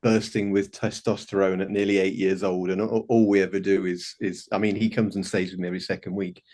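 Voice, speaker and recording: Fifties man, video call from home, warm rambling storyteller, frequent restarts. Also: sits low, little pitch movement, brisk. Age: 50s. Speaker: participant sharing a story. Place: home bedroom.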